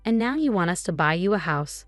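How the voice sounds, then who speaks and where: A woman voicing an exasperated young husband who talks in a sharp, incredulous way. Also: fairly low pitch, lively intonation, a little fast, no room sound, soft background music, natural voice.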